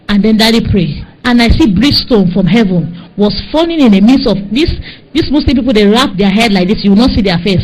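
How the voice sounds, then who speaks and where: A woman with a Nigerian accent, preaching with fervor and telling a dream as testimony, pleading and rising to high cries. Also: animated, fairly quick, a little mellow, poor audio. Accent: Nigerian English.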